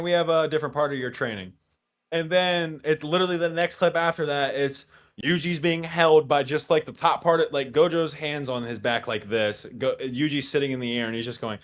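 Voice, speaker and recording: A man co-hosting a casual recap show, talking animatedly and acting out character lines. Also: fairly quick. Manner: animated, acts out character lines in a high shouting voice. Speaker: podcast co-host.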